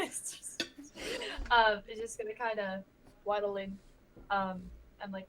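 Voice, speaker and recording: A woman's voice: medium pitch, little pitch movement, normal speed, a bit bright, a little hiss or hum, low-quality recording. A woman player in a tabletop game, joking and giggly in casual banter.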